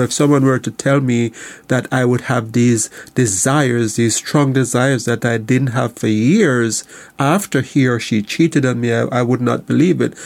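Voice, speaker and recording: Male counselor, talk radio guest, gravelly, halting explanations. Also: medium pitch, a little mellow. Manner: halting, repeats words while explaining. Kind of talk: radio talk show discussion.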